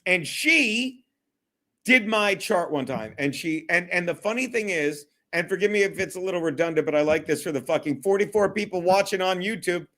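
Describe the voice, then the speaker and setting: Male streamer, high-pitched, loose and profane, rambles and laughs through his chat. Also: lively intonation, moderate pace, fairly bright tone. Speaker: livestream host. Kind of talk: casual solo livestream chat.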